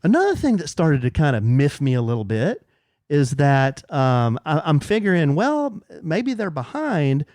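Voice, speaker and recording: A middle-aged man co-hosting a podcast, telling a story in casual chat and jumping up high whenever he quotes someone. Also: moderate pace, no room sound, studio quality. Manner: animated, jumps high when quoting people. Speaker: podcast co-host.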